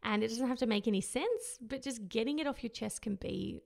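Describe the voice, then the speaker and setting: Woman with a heavily creaky voice. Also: fairly high pitch, brisk. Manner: candid and reflective, with fillers and gentle laughs. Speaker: mother sharing her postpartum experience. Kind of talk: casual personal monologue.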